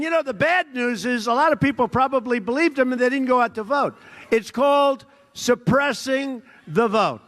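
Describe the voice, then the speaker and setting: A man's voice: very high voice, fairly bright tone. A man giving a political rally speech, boastful and repetitive, mocking opponents and slipping into quoted voices. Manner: drops into quoted voices of others. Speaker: rally speaker.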